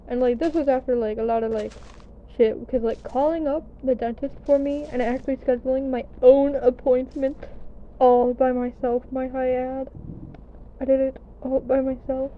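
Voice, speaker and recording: Casually telling a story over her gameplay, a young American woman who vlogs about games sounds chatty and self-deprecating, with occasional swearing. She has a high, mellow voice with flat delivery and a moderate pace. The recording has its highs cut off and slight background noise.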